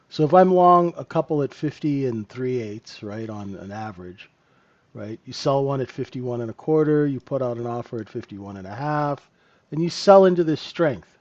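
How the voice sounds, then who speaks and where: In a lo-fi recording, a man with a darkish mid-range voice hosts a live trading lesson. He speaks casually as trading room host and trainer, asking "right?" after many points.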